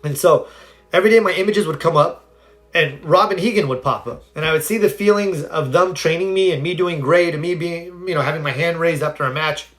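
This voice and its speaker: A slightly high-voiced man speaks in a loose, live-stream way and tells personal stories with earnest energy. He talks straight to his viewers, answering their comments between motivational points. His tone stays conversational rather than scripted. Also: brisk. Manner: earnest, animated storyteller. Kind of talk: casual live-stream talk, storytelling and advice.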